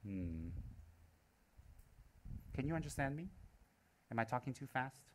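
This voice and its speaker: This live Dharma talk comes from a man with a mid-range, very animated voice who speaks a little slowly, with a little hiss or hum in the recording. Playful throughout, he asks rhetorical questions, repeats key phrases, and teases the audience between points.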